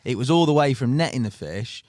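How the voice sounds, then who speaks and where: A man spins an animated yarn on a podcast, peppering his talk with fillers and "mate". His voice sits mid-range and the studio sound is dry and close. He sounds relaxed and chatty. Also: medium pitch, a little fast, no room sound. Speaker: team member recounting stories. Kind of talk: casual podcast chat.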